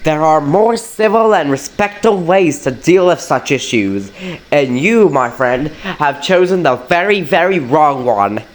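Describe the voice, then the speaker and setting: A man's voice: fairly high pitch, lively intonation, unhurried. A man voicing a stern, lecturing male engine. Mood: scolding. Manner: lecturing, sneering.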